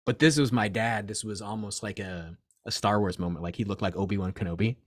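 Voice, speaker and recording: A man, a shop owner telling stories in a casual interview, rambling and animated, swearing often. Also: fairly low pitch, a little fast, no room sound, studio quality. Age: 40s. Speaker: crystal and reiki shop owner, guest.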